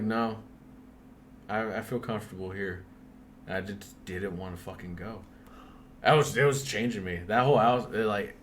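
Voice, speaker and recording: A man's voice: fairly low pitch, a bit bright, slight background noise. A young man casually telling a spooky story on a podcast, swearing often and breaking into laughs.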